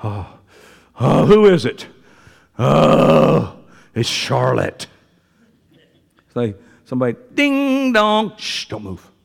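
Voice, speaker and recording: A man preaching a sermon, folksy and joking, swinging from quiet asides to loud preaching. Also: mid-range voice, animated, takes it slowly, vocal fry, long pauses, husky, long reverb tail. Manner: folksy, joking, uses y'all and ain't. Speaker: pastor. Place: church sanctuary.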